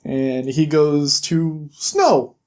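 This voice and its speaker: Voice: mid-range voice, very slow, darkish tone. A reviewer casually recapping a comic issue, retelling scenes and reading out quoted lines.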